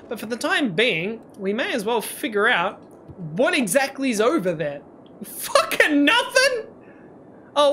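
His voice is very high-pitched, bright and forceful. This gaming YouTuber narrates his city-building game in let's-play style, rambling self-mockingly and breaking into goofy sing-song and nonsense noises over faint game music.

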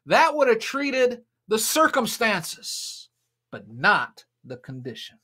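A man's voice: sits high, wildly swooping pitch, slow, sharp tone. A man preaching a sermon and retelling a scripture story with dramatic, emphatic delivery. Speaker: pastor.

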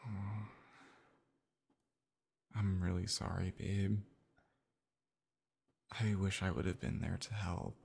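A man in a whispered role-play as a boyfriend, talking softly and reassuringly, sometimes in an unvoiced whisper. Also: low-pitched, little pitch movement, unhurried, gravelly, pauses often, slightly rough. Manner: soothing, gentle, reassuring; soft, partly unvoiced whispering.

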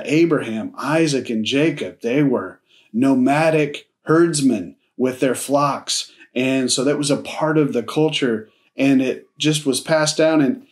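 This is a man giving a church sermon at an unhurried pace, his pitch sitting in an ordinary middle range. He tells the story casually, with friendly slang, and briefly acts out both sides of a conversation. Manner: acts out dialogue in his telling. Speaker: pastor.

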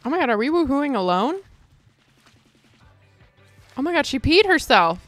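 A young woman giving casual, chatty commentary while playing a life-sim game, excitable and quick to shriek and laugh. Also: sits high, faint music behind. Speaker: gaming streamer. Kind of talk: casual Let's Play commentary.

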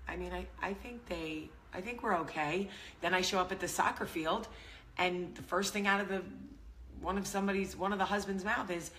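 A woman's voice: on the low side, fairly quick, a bit bright, a little hiss or hum. Blunt, chatty woman with a New York-area accent. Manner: candid, blunt, self-mocking, swears freely. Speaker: vlog host. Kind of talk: casual chat to camera.

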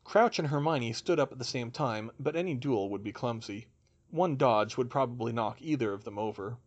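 A man reading a fantasy story aloud as its narrator, in an expressive style. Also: mid-range voice, moderate pace, muffled recording. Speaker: audiobook narrator.

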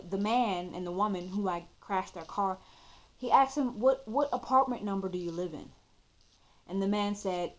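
A YouTuber in her twenties tells her own story to the camera, casual and expressive, addressing her viewers as "y'all." Her voice is mid-range.

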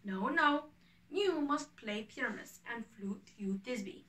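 A woman reading the part of a fussy male carpenter who directs a village play, handing out names and parts in order, with a bright voice in an echoey room. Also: a little high, lively intonation, slow pace, recorded from a distance. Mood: bossy. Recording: echoey room, away from the mic.

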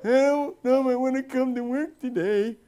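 A man's voice: very high voice, moderate pace, dark tone, voice pushed up. A man doing a whiny grown employee. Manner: whining, childish pleading. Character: whiny grown male employee acting like a child.

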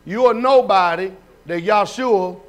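Man preaching a sabbath sermon, really high voice, folksy and lively, keeps asking the church questions. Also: unhurried. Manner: folksy, animated, shouts and laughs; questions the congregation.

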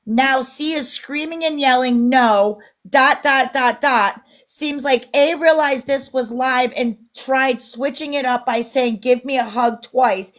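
A woman's voice: high voice, takes it slowly, few pauses. A woman co-hosting a casual livestream, reading viewer comments aloud in an indignant tone. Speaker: livestream co-host. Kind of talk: casual live-stream chat.

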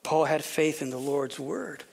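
A pastor preaching an animated sermon, often repeating words and dropping to a whisper for emphasis. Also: male voice, a little high, a little slow, vocal fry, husky. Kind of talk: expository sermon.

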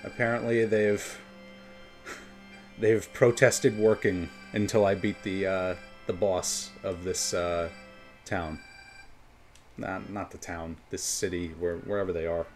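Man with a New York accent, low-pitched, rambling stream chatter, faint game music behind. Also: fairly even intonation, slow, darkish tone. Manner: rambling and chatty, drifting between topics. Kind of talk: casual gameplay commentary.

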